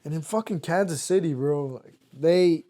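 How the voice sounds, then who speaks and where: A man's voice: a little high, normal speed, warm tone. A man co-hosting a casual sports podcast, talking in a laid-back, slangy way and laughing often. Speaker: podcast co-host.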